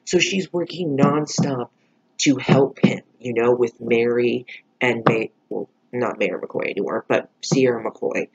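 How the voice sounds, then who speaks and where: A man's voice: medium pitch, a little slow, vocal fry, slightly rough, dull audio. A man giving a casual, heated reaction review of a TV episode, swearing often and full of fillers.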